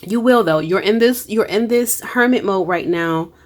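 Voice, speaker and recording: A woman's voice: medium pitch, normal speed. A woman giving a casual spiritual card reading, emphatic and encouraging, with frequent exclamations and colloquial speech. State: emotional. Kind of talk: casual tarot-style energy reading.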